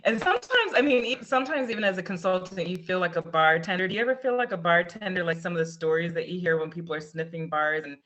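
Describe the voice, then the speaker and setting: Bright-voiced woman hosting a video call. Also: on the low side, quick pace, hardly any pauses, rough recording. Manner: animated storyteller. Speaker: host. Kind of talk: casual chat on a video call.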